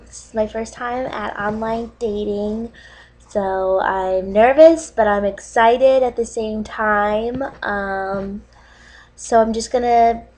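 A woman playing Debbie, a tearful cat-obsessed dater. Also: a little high. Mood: nervous. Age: young adult. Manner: hesitant, full of ums, breaking into tears. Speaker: online dating video intro. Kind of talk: comedy sketch monologue.

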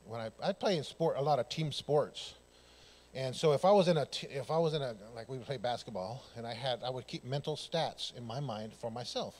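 A man preaching a church sermon, telling personal stories in an animated way and acting out the dialogue. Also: medium pitch, brisk. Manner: animated, loud bursts, laughing, acts out dialogue. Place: church sanctuary.

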